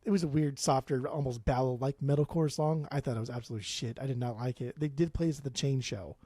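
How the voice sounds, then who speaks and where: A man's voice: mid-range voice, fast, dark tone, slightly rough, no echo. A man co-hosting a casual music podcast, rambling through blunt, profane opinions. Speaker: podcast co-host.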